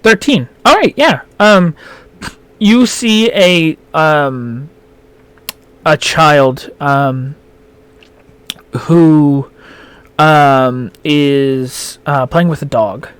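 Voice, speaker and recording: Halting man running a tabletop game. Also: fairly high pitch, clean tone, no echo. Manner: halting, many fillers. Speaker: game master.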